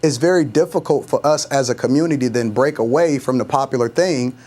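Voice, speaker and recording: A man's voice: mid-range voice, fairly quick, a little mellow. A man speaking as a guest on a television panel in an earnest, emphatic way.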